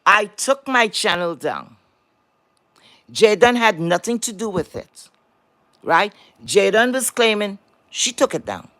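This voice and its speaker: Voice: medium pitch, sing-song, slow pace, pauses often, fairly bright tone, no echo. An online commentator in a heated monologue rant, blunt and profane, repeating words for emphasis and firing rhetorical questions at the viewers. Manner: talks to the audience directly with rhetorical questions.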